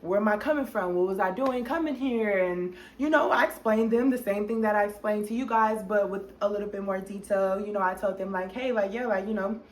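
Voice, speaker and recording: A young woman telling a story to her viewers in a casual, profane, animated way. She breaks into loud outbursts that are half laughing and half crying. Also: mid-range voice, a little fast, hardly any pauses. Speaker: storytime vlogger.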